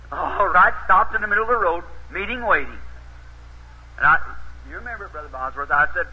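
A man's voice: high-pitched, normal speed. A male preacher telling a story in a sermon, folksy and homespun, rising into emphatic urging. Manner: folksy, rises to emphatic exhortation. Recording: dull, husky old tape recording.

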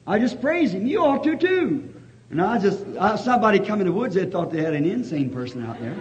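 A preacher with a high, ringing voice tells a folksy story in a sermon. He climbs from easy storytelling into fervent shouts of praise. The old recording sounds dull and lo-fi. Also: sing-song, brisk, slight background noise.

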